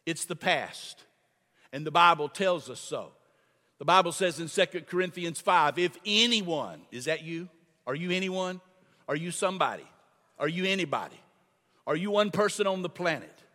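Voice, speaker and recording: A man's voice: on the high side, animated, normal speed, bright, forceful tone. An older man preaching a sermon in a church, repeating phrases and calling the congregation to answer back. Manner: call-and-response preaching, repeats phrases for emphasis. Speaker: pastor. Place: church sanctuary. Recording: long hall reverb.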